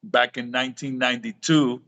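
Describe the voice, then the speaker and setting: On lo-fi sound, a middle-aged reef aquarium author speaks in a steady, mid-range voice that is pushed and bright, at a moderate pace. As a live talk show guest, he tells stories, acts out dialogue, and often restarts his sentences.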